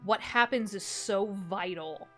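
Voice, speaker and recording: Bright, excitable woman streamer. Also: medium pitch, measured pace, faint music behind. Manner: chatty and excitable, laughs often, swears casually. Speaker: streamer and game master. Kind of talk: casual stream sign-off chat.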